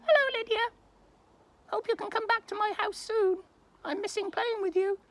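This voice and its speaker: A man voicing a shy little male toy owl puppet in a high, squeaky, sweet voice for children. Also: moderate pace, fairly bright tone, no room sound.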